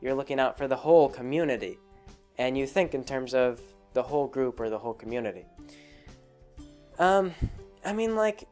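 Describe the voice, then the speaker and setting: A man's voice: mid-range voice, lively intonation, normal speed, long pauses, darkish tone, faint music behind. Rambling man, filler-heavy commentary. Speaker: video host. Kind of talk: casual commentary monologue.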